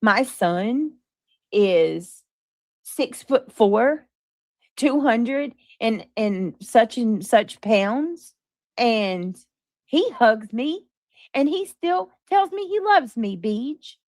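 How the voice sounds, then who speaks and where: A woman's voice: fairly high pitch, expressive, extremely slow, no room sound, clean studio sound, exaggerated voice. A woman mimicking a smug, boastful mother with a gloating, sing-song voice.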